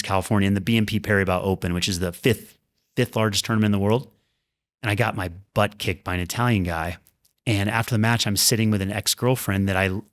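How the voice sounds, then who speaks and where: A man's voice: fairly low pitch, a bit bright, no room sound, studio quality. A man and former pro tennis player, a podcast guest, reflecting earnestly on his career in candid storytelling. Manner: earnest, reflective, talks in quick bursts.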